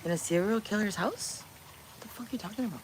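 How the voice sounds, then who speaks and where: A woman's voice: mid-range voice, fast, a little hiss or hum. A woman hosting a casual livestream from her kitchen, chatting bluntly with viewers and swearing freely. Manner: blunt, profane, teasing chat. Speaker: livestream host. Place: home kitchen.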